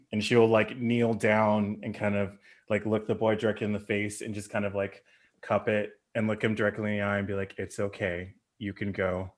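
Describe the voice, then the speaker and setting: A man's voice: on the low side, level tone, a little fast. A man describing his character's actions in a tabletop game, casual and hesitant with lots of fillers. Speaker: player.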